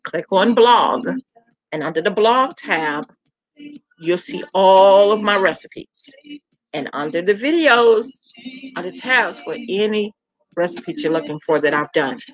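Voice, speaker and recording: A woman's voice: medium pitch, measured pace, dry recording, rough recording. Folksy woman, dry close sound. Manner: animated, folksy, calls viewers honey and child. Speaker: home cooking channel host. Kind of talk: casual chat to viewers.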